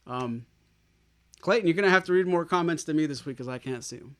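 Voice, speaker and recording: An upbeat, chatty man hosts a music livestream and talks straight to the viewers at home. He speaks into an old microphone, and his voice sits a little high. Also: fast, fairly bright tone. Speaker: host. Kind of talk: casual livestream chat.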